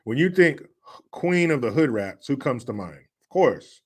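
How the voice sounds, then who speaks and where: A man's voice: mid-range voice, sing-song, measured pace, slightly rough. Joking man hosting a livestream. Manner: loose and joking, reads chat aloud. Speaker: livestream host. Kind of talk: casual livestream commentary.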